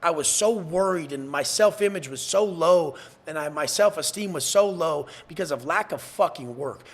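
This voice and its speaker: A man from San Diego speaks as a podcast guest in a blunt, profane and intense way. His voice is husky, with a slightly raised pitch. He often acts out the back-and-forth he is describing. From San Diego, USA. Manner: profane, blunt and intense, acting out quoted exchanges. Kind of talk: podcast interview.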